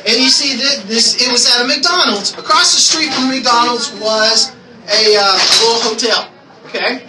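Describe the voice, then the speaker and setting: A man with a very high voice tells a personal testimony to a church gathering, animated and acting out his own prayers. He is picked up from a distance in an echoey room, with clear ambient noise behind him. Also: normal speed. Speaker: church speaker sharing a testimony.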